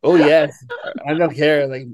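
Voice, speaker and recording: A man with a fairly high voice hosts a food podcast, trading playful jokes with his guest. His voice sounds close and dry. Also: steady tone, a little slow, a little mellow, no echo. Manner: joking, playful banter. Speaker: podcast host. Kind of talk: casual interview chat.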